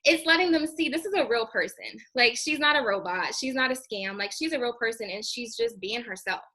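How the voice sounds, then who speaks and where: Young woman trainer hyping up her team, super chatty, bright voice, kinda high. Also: animated, fairly quick. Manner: high-energy, chatty, says "girl" and "you guys" a lot. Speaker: network marketing team trainer. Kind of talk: casual training talk.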